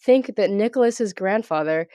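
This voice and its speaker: A woman's voice: medium pitch, lively intonation, normal speed, mellow, dry recording. A woman co-hosting a podcast, recapping a movie plot in order with dry asides. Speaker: podcast co-host. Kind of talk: casual movie recap chat.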